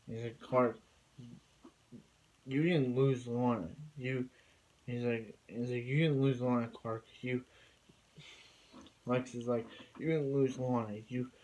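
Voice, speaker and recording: A man's voice: medium pitch, darkish tone, lo-fi sound. A man casually recapping a TV episode, rambling and filling gaps with many fillers and restarts. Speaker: TV episode reviewer.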